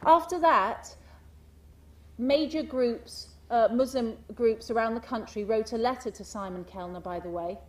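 A woman giving a speech to an audience, animated and full of rhetorical questions, mimicking the people in her stories. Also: on the high side, a little slow, recorded from a distance. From United Kingdom. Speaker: speaker giving a talk.

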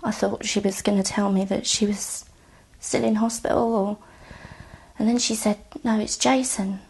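A woman speaks in a husky, gravelly voice, her words halting and often sinking to a near-whisper. Her delivery stays flat and even, and she sounds close to tears throughout. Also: mid-range voice. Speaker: bereaved sister giving testimony. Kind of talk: recounted personal testimony.

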